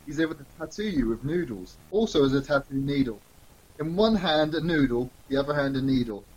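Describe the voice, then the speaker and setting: A man bantering in an improvised comedy podcast, firing off deadpan quips. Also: medium pitch, fairly quick, slightly rough, highs cut off. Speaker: co-host playing along in an improvised story.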